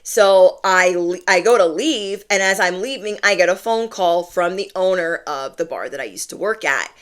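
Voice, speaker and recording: A woman's voice: lowish voice, normal speed, clear, resonant tone. A young woman telling a story in a casual vlog. She is blunt and slangy and acts out the voices of the people she quotes. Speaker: spiritual content creator.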